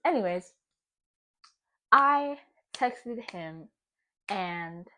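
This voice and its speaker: A young woman vlogs while baking at home, chatting casually, cursing, and laughing a lot in an animated way. Her voice is mid-range and she talks extremely slowly.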